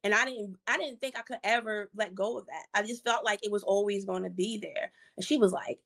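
A woman guest telling a personal story in a conversational interview, acting out what others said in lively casual speech. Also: medium pitch, normal speed, gravelly, hardly any pauses. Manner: animated storyteller, acts out quotes in casual slang. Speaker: program participant, guest.

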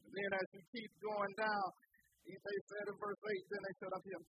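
A woman preacher, delivering an animated, colloquial sermon full of call-and-response. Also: mid-range voice, brisk, slightly rough, rough recording.

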